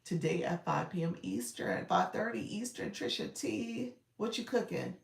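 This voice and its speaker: A woman's voice: mid-range voice, lively intonation, creaky, reverberant, recorded from a distance. Chatty woman coach on a live stream. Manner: chatty, greets viewers by name, quick asides. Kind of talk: casual live-stream chat.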